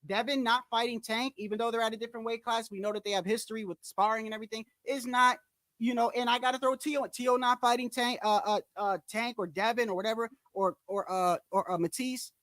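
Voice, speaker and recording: A man's voice: very high-pitched, steady tone, brisk, fairly bright tone, no echo. A man hosting a boxing channel, ranting in a casual commentary style. He talks bluntly and emphatically, curses, repeats himself for emphasis, and speaks straight to his viewers. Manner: emphatic, repetitive, blunt and profane; addresses viewers directly, often says "bro".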